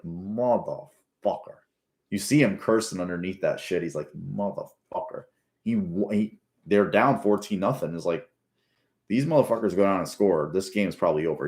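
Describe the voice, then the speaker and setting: A man's voice: low-pitched, moderate pace, a little mellow. A man giving casual, rambling, profane commentary while rewatching a football game. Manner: rambling, profane, restarts often. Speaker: sports fan commentator.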